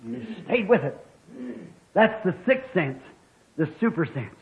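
A man preaching a fervent sermon, rising to shouts as he tells stories. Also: sits high, big pitch swings, normal speed. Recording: dull lo-fi old tape.

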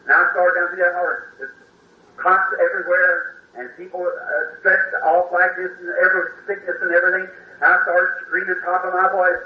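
A man preaches a heartfelt sermon testimony in plain country speech, his voice pitched a little high. He sits back from the microphone in a hall that echoes around him, and the old recording sounds dull. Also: level tone, moderate pace, recorded from a distance. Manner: emotional folksy storytelling, plain country grammar.

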